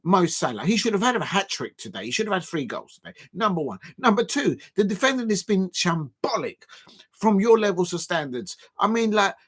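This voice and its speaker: A man hosting a live football watch-along stream. His voice swings widely in pitch, jumping from low grumbles to high, shouted outbursts of disbelief. He rants at rival fans in a loose, exasperated way. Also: very animated, a little fast, breathy edge.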